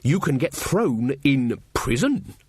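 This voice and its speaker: A man's voice: medium pitch, very animated, takes it slowly, darkish tone, breathy edge, dry recording, studio quality, exaggerated voice. A man voicing a touchy young female witch who snaps back indignantly. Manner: snappy, indignant.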